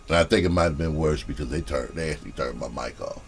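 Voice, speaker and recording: A man's voice: rumbling low, quick pace, hardly any pauses, breathy edge. A male comedian telling a story in a loose, profane, casual way, often laughing and saying "you know".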